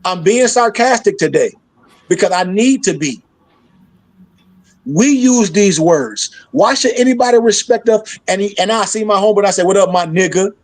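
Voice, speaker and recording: Host, male, blunt sarcastic preacher, high voice, dry sound. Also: animated, normal speed, no room sound, low-quality recording. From Michigan, US. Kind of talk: heated discussion.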